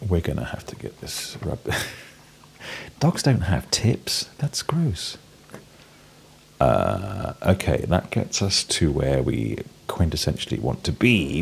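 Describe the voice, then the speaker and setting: Over slight background noise, a British game streamer speaks in an extremely low pitch with vocal fry. He has a cold, coughing and sneezing, while giving wry, playful, casual gameplay commentary filled with ums and restarts.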